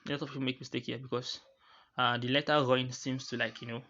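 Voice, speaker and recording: Bright-voiced man teaching recitation rules. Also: medium pitch, little pitch movement, dull audio. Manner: halting, with restarts, slowly drawing out each recited example. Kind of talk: explaining tajweed rules to students.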